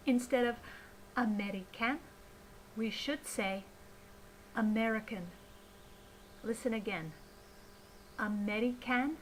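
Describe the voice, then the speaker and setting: Woman pronunciation tutor, slow deliberate pace, careful enunciation, faint hiss behind. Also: a little high, rough recording. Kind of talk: slow scripted teaching narration.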